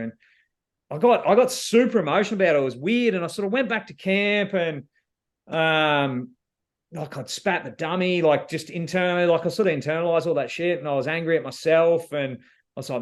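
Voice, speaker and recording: A man's voice: fairly high pitch, moderate pace. An Australian man answering interview questions as a reality show contestant, telling his story in a laid-back, slangy way with lots of fillers.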